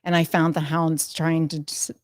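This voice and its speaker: A woman's voice: deep voice, level tone, normal speed, no echo, studio quality. A woman sharing a heartfelt personal story as a panelist. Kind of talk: personal testimony.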